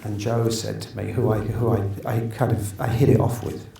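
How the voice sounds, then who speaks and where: A man's voice: on the low side, flat delivery, moderate pace, gravelly, mellow. A man in his fifties telling stories in a casual interview, rambling with many restarts and acting out what others said. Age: 50s. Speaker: actor being interviewed. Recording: roomy echo, distant mic, faint noise.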